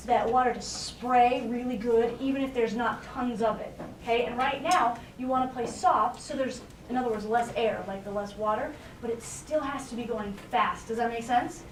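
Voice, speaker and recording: High-voiced woman coaching a band, echoey room. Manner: encouraging, explains with everyday comparisons. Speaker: guest band conductor. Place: school band rehearsal room. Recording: echoey room, distant mic, noisy.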